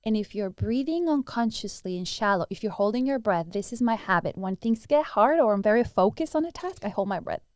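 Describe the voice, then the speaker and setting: A woman's voice: medium pitch, lively intonation, a little fast, few pauses, a little mellow, dry recording. A woman who teaches breathwork, answering interview questions earnestly and demonstrating breathing sounds as she explains.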